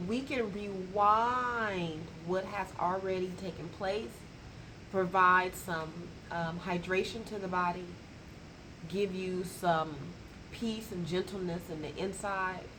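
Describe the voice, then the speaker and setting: A woman's voice: medium pitch, noisy background. A woman who works as a colon hydrotherapist tells a client story in a colloquial, emphatic way and acts out the dialogue. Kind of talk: storytelling to camera.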